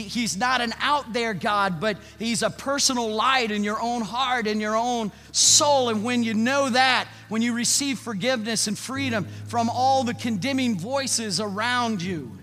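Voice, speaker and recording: A man preaching a sermon as pastor, swinging from loud, rapid urging to soft, slow passages. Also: very high voice. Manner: building to loud, fast repeated urgings, then dropping soft and slow. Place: church sanctuary. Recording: long church reverb with soft music.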